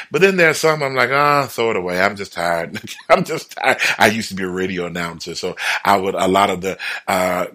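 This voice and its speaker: A man speaking in a motivational broadcast talk with a bright, forward tone. His pitch swings widely as he acts out little everyday remarks, and he chuckles often. His delivery is lively and conversational.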